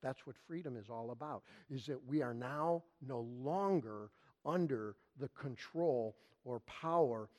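A male pastor preaching a sermon, emphatic and repetitive, leaning hard on key phrases with slow stress. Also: medium pitch, a little mellow.

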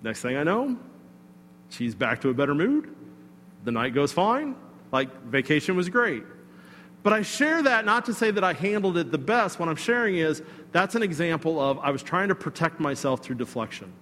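A male pastor preaching in a chatty, animated way, speaking straight to the congregation. His voice sits a bit high. The sound carries a long hall reverb over a faint hum. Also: normal speed. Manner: conversational and animated, with fillers and asides to the congregation. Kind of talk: sermon with a personal story.

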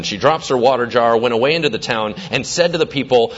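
A man preaching a sermon, telling the story with lively energy and acting out the characters' voices. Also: mid-range voice, fast, hardly any pauses, dull audio. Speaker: pastor.

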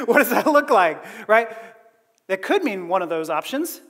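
A man preaching a conversational sermon as a pastor, animated and often laughing between phrases. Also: high voice, normal speed, long reverb tail.

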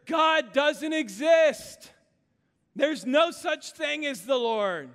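A man voicing a grumpy atheist neighbor who yells and mocks, inside a sermon joke. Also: very high voice, lively intonation, slow pace, voice pushed up, heavily acted. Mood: scornful. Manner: loud, mocking, yelling. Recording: echoey church hall.

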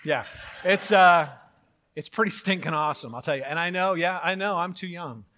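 A middle-aged man preaching a sermon as pastor, animated and joking, with mock-outraged asides. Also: high-pitched, moderate pace, a little hiss or hum.

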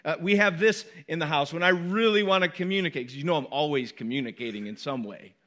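A middle-aged male pastor with a high, light voice delivers a sermon with emphatic repetition. He talks to his congregation conversationally, dropping in quick asides between his stronger points. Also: fairly bright tone. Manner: emphatic, repeats key words with rising force.

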